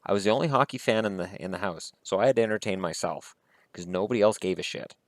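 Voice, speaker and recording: A man's voice: on the low side, fast talker, dry recording. A man vlogging about hockey, talking in a heated, blunt and profane way. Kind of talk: casual opinion rant.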